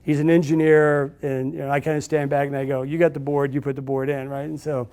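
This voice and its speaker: A man's voice: fairly high pitch, little pitch movement, fast, darkish tone, clear, resonant tone. A middle-aged man giving a storytelling talk to a live audience, chatty and anecdotal with frequent fillers and restarts. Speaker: speaker at a business event.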